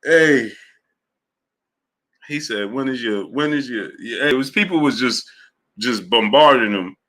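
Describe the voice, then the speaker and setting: A young man hosting a casual sports talk stream, animated and slangy, often breaking into laughter and repeating himself. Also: mid-range voice, a little slow. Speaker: sports show host. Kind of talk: casual livestream chat.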